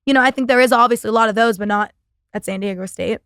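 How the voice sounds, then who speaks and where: A woman's voice: on the high side, quick pace, fairly bright tone, clean tone, no room sound, studio quality. A young woman hosting a podcast, talking in a sarcastic, profane, rambling casual monologue. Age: young adult. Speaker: podcast host.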